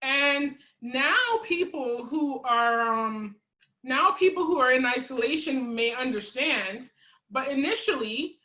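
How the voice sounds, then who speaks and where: Woman host, high pitched, bright sharp tone, dull lo-fi remote audio. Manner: halting, hesitant phrasing with fillers. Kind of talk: casual interview chat.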